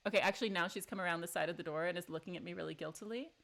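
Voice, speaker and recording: Woman streamer at home, chatty and giggly, quick sarcastic asides. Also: lowish voice, creaky, fairly bright tone. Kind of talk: live game playthrough with commentary. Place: home room.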